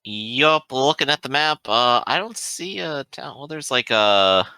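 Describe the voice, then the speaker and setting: A man's voice: medium pitch, animated, unhurried, sharp tone, no echo. A man playing in a tabletop game, joking around playfully. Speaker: player. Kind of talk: casual game chat.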